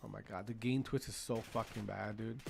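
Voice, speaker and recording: This gaming streamer has a lowish, gravelly voice with a steady tone and a fairly quick pace, and the recording is very noisy. His casual commentary involves profane, repetitive rants at teammates amid in-game gunfire.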